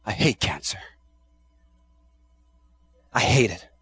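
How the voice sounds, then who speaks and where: A man preaching a sermon with passion, swinging from shouts down to hushed tones and often repeating his words. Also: on the low side, expressive, takes it slowly, slightly rough, dry recording, soft background music. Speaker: pastor.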